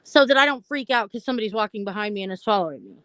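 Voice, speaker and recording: This live stream host talks about mental health in a rapid-fire, mid-range voice with a fairly bright tone, recorded dry. She's open and talkative, speaking straight to her viewers as she tells her own story in a relaxed, chatty way.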